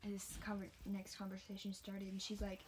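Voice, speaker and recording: A woman's voice: mid-range voice, completely flat delivery, moderate pace, darkish tone, a little hiss or hum. A young woman telling a casual, rambling story about her race, sometimes dropping into a whisper. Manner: chatty, rambling, drops into whispers. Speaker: homeschooled cross-country runner.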